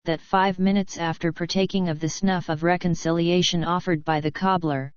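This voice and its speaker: A woman narrating a classic novel as an audiobook reader, in measured, even storytelling, in a dry, slightly dull recording. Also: fairly low pitch, clear, resonant tone, dry recording.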